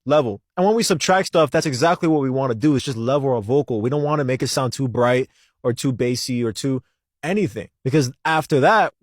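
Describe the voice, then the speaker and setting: A man who is a music producer, giving a casual, energetic tutorial with jokes and asking his own questions. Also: medium pitch, fairly quick, no room sound, studio quality.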